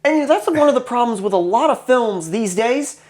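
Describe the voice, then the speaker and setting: A woman co-hosting a casual movie review chat, talking in an animated, chatty way. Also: fairly high pitch, normal speed.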